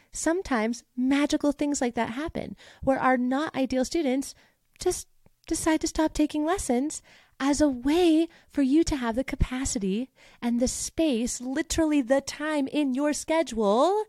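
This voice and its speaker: A woman's voice: sits high, dry recording, clean studio sound. A woman hosting a podcast as a voice teacher, talking in a casual, upbeat and motivational way and acting out the thoughts she quotes. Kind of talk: casual solo podcast talk.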